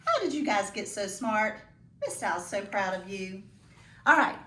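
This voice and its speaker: A woman teacher giving a phonics lesson to young children, slow and deliberate, praising and encouraging her pupils. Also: medium pitch, expressive, bright, forceful tone, echoey room.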